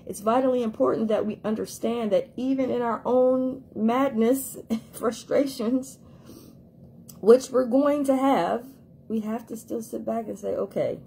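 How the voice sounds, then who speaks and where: A woman's voice: on the high side, steady tone, a little slow, creaky, mellow, a little hiss or hum. A woman life coach giving an emphatic motivational talk, repeating herself for emphasis and acting out quoted voices.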